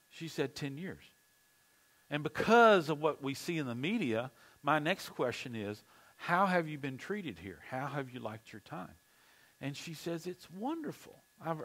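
A man's voice: a little high, a bit bright, rough recording. Man preaching a conversational sermon. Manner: conversational storytelling. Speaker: pastor.

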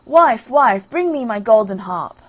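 A woman voicing a huge, greedy male ogre in a storybook reading, shouting his lines. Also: expressive, a little slow, breathy edge. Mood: bellowing. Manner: booming shouts.

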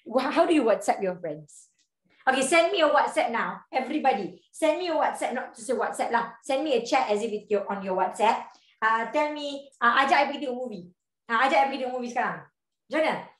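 Brief: chatty Malaysian woman English teacher, high voice, roomy echo. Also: lively intonation, fast. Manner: chatty, mixes English and Malay, laughs often. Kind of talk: online class lesson.

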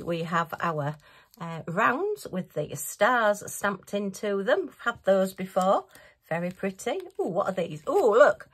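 A woman chats through a casual craft unboxing and giggles often. Her voice is a little breathy and husky. Her pitch swings lively from high to low as she teases herself and the kits. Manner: chatty, giggly and self-mocking. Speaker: craft channel host.

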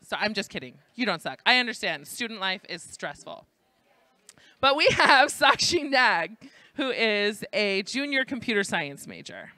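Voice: mid-range voice, sharp tone, no room sound. A host with a New York accent runs a live trivia game show at a student event, tossing playful jokes to the audience. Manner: jokey, playful asides to the audience. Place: indoor student event at a library.

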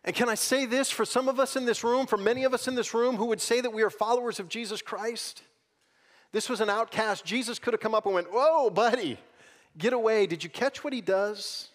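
In a church auditorium, a male pastor preaches a Sunday sermon, coaxing the congregation to repeat lines after him as he swings between loud emphasis and hushed tones. His voice is extremely high and steady in tone, a little fast.

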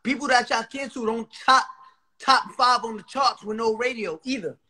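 A man's voice: very high-pitched, normal speed, bright, forceful tone, slightly rough. Hyped man cutting in on a live stream. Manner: hyped, boastful, interjecting. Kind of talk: casual live-stream chat.

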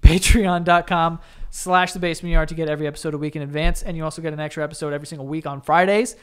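A man's voice: fairly high pitch, steady tone, very fast, clean tone. A man hosting a podcast in casual chat, teasing dryly and often stumbling over his words. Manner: stammering, dry teasing. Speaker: podcast host.

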